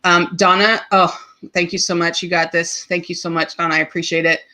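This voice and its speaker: A woman's voice: on the low side, level tone, fairly quick, bright, forceful tone. A woman hosting a live podcast, telling a personal story in an open, emotional way with many ums and restarts, at times choked up. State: choked up, tearing up. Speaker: podcast host.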